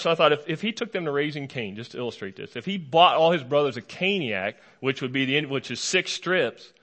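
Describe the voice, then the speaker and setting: A man's voice: sits high, pushed and bright. A middle-aged male pastor preaching a humorous sermon, retelling a story playfully and acting out the quotes.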